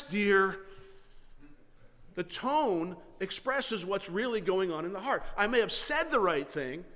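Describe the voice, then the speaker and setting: A man's voice: high-pitched, fairly bright tone. A man preaching a sermon in an earnest way, often repeating and restarting his phrases and putting questions to his listeners. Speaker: pastor. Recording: long hall reverb.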